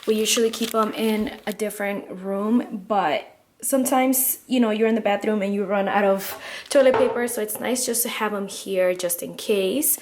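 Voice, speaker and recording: At home, a young adult woman vlogs as a student, chatting in a casual, upbeat way and peppering her talk with "like" and "literally." Her medium-pitched voice is darkish, with fairly even intonation and a normal pace, and there's a faint hiss or hum on the recording.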